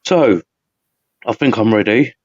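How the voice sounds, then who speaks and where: A man's voice: on the low side, a little slow, no echo, lo-fi sound. Rambling British man hosting a podcast. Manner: rambling, chatty, laughs often. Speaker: podcast host. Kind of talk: casual live podcast chat.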